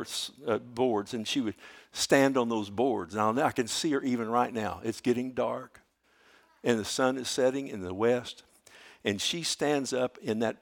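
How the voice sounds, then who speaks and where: Folksy older preacher. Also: male voice, medium pitch, creaky. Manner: folksy storytelling, swinging from hushed to loud. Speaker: pastor. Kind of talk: sermon.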